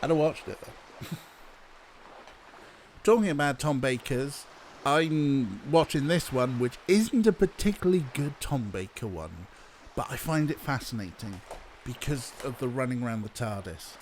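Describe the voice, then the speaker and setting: A man's voice: mid-range voice, animated, a little slow, a little mellow, a little hiss or hum. A man chatting casually as he streams a game, swearing and laughing at his own jokes. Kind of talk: casual let's-play commentary.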